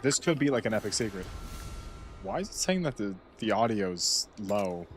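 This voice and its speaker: A man's voice: on the low side, sing-song, normal speed, soft background music. A young American man streaming a game, rambling and joking casually as he plays. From United States. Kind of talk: casual gameplay commentary.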